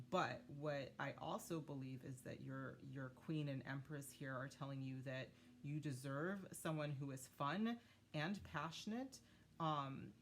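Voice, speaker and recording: Low-voiced woman giving a chatty tarot reading. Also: slight background noise. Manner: chatty, many fillers, talks to spirit guides. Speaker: tarot reader. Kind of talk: casual tarot reading to viewers.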